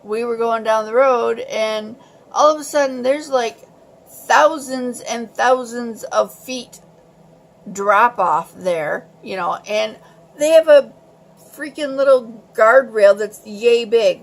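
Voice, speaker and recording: Woman, vlogger, casual storytelling, animated, exasperated, gravelly fry. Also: a little high, slow pace. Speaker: vlogger telling a travel story.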